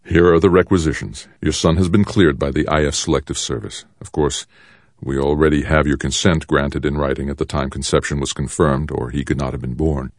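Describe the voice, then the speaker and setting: A man voicing a calm, stern military colonel who speaks in a measured, controlled way. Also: a bass voice, no room sound, studio quality. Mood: cool, stern.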